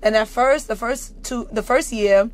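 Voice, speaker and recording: A woman's voice: a little high, unhurried. Brash woman with a New York accent. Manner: brash, blunt, laughing, swears freely. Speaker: guest actor. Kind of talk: casual chat.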